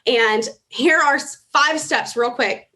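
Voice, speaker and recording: Woman, motivational stage talk, emotional, urgent, somewhat high pitch. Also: takes it slowly, pushed and bright. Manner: emotional, earnest, rising to urgent exhortation. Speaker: convention speaker. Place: large convention hall.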